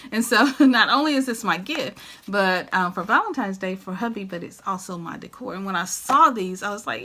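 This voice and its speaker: A woman's voice: medium pitch, lively intonation, moderate pace, bright, forceful tone. A middle-aged woman, chatting to camera in a home decor vlog, gushing and laughing often. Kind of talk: casual chat to camera.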